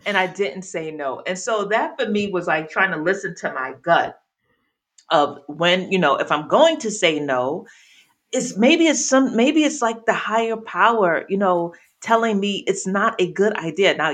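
A woman's voice: lowish voice, expressive, moderate pace, a bit bright. A woman co-hosting a casual chat with her sister, thoughtful and acting out the quotes in her stories. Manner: reflective, acts out quotes with a raised voice. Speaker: podcast co-host.

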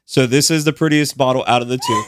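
A man hosting a casual podcast, relaxed and slow when explaining, often stumbling over words. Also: medium pitch, background noise. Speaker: podcast host. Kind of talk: casual group chat.

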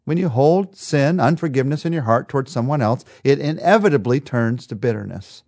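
Emphatic male preacher with lively pitch. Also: brisk, dry recording. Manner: emphatic, repetitive rhetorical rhythm. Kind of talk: devotional sermon.

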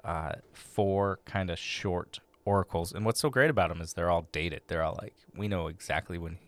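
A man's voice: deep voice, moderate pace, no echo. A man co-hosting a church podcast as youth pastor, playful and rambling in casual chat.

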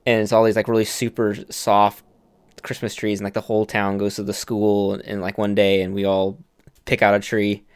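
A man's voice: fairly low pitch, completely flat delivery, normal speed, smooth, no echo. A man from Alaska chatting casually as a podcast co-host, easygoing and rambling. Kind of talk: casual chat.

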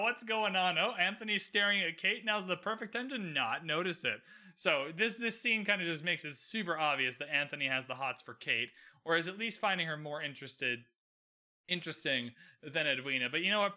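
A man in his twenties hosting a solo podcast recap, talking animatedly with many restarts and "like" fillers and acting out characters' lines. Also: high-pitched. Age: 20s. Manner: animated, acts out characters' lines in quick bits. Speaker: podcast host.

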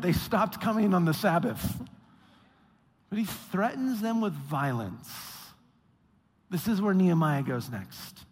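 A man preaching a sermon, acting out quotes with mock voices in an animated way. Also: high-pitched, takes it slowly. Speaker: pastor. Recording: long hall reverb.

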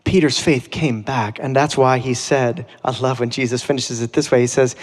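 A man's voice: mid-range voice, moderate pace, hardly any pauses, big-room sound. A man preaching a sermon as pastor, conversational and earnest, with dramatic readings of scripture.

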